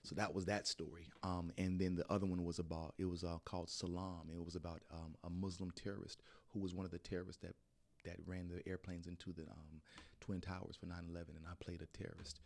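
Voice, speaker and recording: A man, an actor and podcast guest, telling a casual story in an interview, lively and prone to restarts. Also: sits low, fast. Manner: animated storyteller, voices other people in quotes, frequent restarts.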